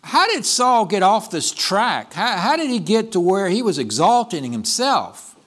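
A male pastor delivering a sermon, telling a story in an animated way and often correcting himself mid-sentence. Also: high-pitched, a little slow. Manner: animated storytelling, with frequent restarts and self-corrections.

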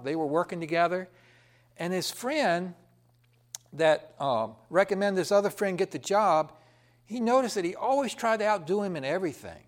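A man preaches, his voice sitting a little high and swinging widely in pitch. He asks his listeners questions and then answers them himself. Key words drop low and quiet. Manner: lively preaching with rhetorical questions, dropping soft and low for emphasis. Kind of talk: sermon.

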